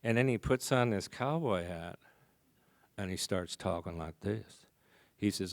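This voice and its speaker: Male recovery speaker, low clear voice, confessional and funny. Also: a little slow, pauses often, no echo. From American. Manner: humorous, confessional storytelling. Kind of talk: storytelling recovery talk. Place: conference hall.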